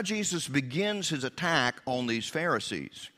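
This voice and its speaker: A man preaching a sermon as pastor, swinging from loud emphasis to hushed asides. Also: on the high side, expressive, a little slow, few pauses, long reverb tail.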